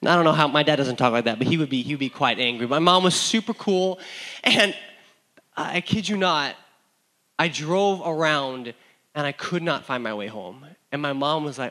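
A man from the San Diego area giving a sermon, telling stories with animated, self-deprecating energy and frequent restarts. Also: a little high, moderate pace, low-quality recording. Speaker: pastor. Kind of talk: sermon with personal storytelling.

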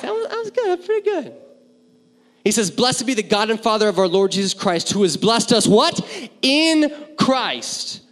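A man delivers a sermon in a fairly high voice, shifting between playful asides and hushed, earnest passages. His voice carries a long reverb from a large hall. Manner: animated and joking, dropping to hushed intensity. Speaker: pastor.

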